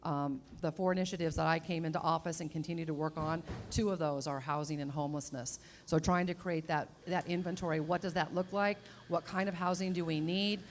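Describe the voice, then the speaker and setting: Measured woman mayor with a lowish voice. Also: fairly even intonation, a little hiss or hum. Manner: measured, reflective, asks open questions. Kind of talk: panel discussion remarks.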